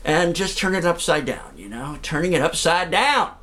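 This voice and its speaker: A man's voice: a little high, normal speed, a little hiss or hum. Upbeat joking man telling stories. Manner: upbeat, joking, animated storyteller. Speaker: singer-songwriter and cancer survivor speaker. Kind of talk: singing then storytelling talk.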